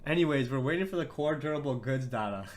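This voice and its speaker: A man's voice: mid-range voice, expressive, brisk. A young man hosting a trading livestream, talking to his chat in a brash, profane, mocking way and laughing often.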